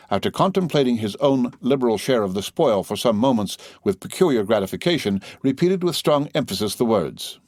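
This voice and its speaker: A male audiobook narrator with a low voice, reading classic prose in an even, formal way. The recording is dry and close, with no room sound at all. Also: dry recording. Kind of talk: scripted narration.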